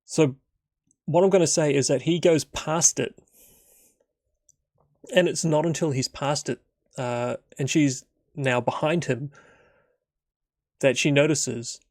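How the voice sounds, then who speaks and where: Gravelly-voiced guy rambling through a solo tabletop session, dry close sound. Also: fairly high pitch, fairly even intonation, slow, pauses often, no echo. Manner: rambling, full of fillers. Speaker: game master. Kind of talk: solo tabletop game narration.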